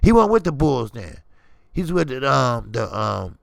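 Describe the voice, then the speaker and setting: Gravelly, lively man ranting. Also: medium pitch, a little slow, dry recording, studio quality. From Chicago. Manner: profane, animated, repeats words. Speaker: boxing stream host. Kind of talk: ranting commentary.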